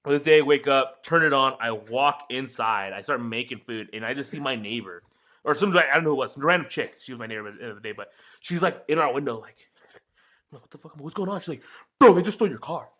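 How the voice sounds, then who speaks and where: A young man in his twenties rattles through a story at a fast clip. His voice is bright and forward. He acts out what people said with sharp leaps in pitch and casual swearing. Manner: animated, acts out quotes with big jumps in pitch and swearing. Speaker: podcast co-host.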